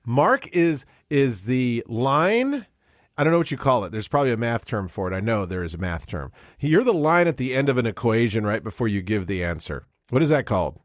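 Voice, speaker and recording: A man's voice: mid-range voice, sing-song, fairly quick, no echo, clean studio sound. A man co-hosting a podcast in casual chat, jokey and rambling, often laughing. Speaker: podcast co-host.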